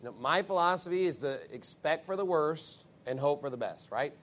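A man giving sermon-style advice, animated and acting out the voices of people he quotes. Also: on the high side, brisk.

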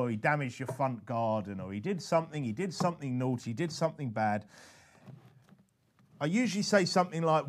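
A man giving an animated, conversational teaching talk as a preacher, often restarting his sentences. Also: mid-range voice. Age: adult father. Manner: animated and chatty, with frequent restarts. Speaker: preacher teaching soul-winning.

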